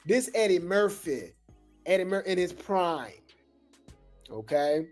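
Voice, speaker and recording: Male live-show host: loose, rambling, chatty with the audience; music playing softly behind. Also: high-pitched, animated. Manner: rambling, addresses viewers as y'all, halting restarts. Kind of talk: casual commentary to a live audience.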